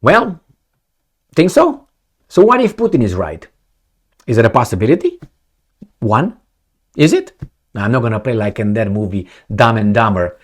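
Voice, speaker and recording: A man's voice: medium pitch, sing-song, moderate pace, long pauses. A man giving casual, rambling political commentary on his channel, sarcastic and swearing freely.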